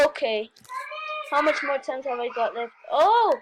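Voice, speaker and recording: A woman giving excitable gameplay commentary, talking straight to viewers and often breaking into squeals and repeated cries. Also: sits high, unhurried, very noisy. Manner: talks straight to viewers, frequent "okay, guys". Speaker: gaming video host.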